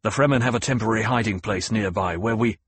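A devoted male swordmaster in an audiobook, speaking in quick, clipped bursts, as a man reads him. The voice sits low and a little husky, and it sounds close and dry. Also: no echo. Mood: urgent.

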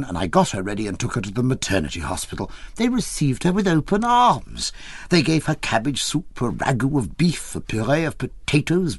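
A man reading an audiobook, telling the story in an expressive, wry way. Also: mid-range voice, slightly rough, no room sound. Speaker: audiobook reader. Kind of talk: audiobook narration of a memoir.

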